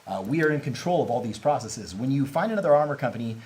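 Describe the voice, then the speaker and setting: A man's voice: medium pitch, expressive, quick pace, a little mellow, low-quality recording. Candid, chatty man on a livestream. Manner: candid, rambling, laughs easily. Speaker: host, company representative. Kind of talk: casual livestream chat.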